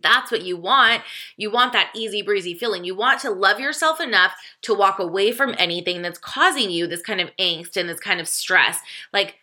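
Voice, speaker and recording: A woman hosting a self-help podcast as a life coach, talking casually, laughing often, swearing freely and jumping way up in pitch when she quotes herself. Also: animated, moderate pace, pushed and bright. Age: adult, divorced.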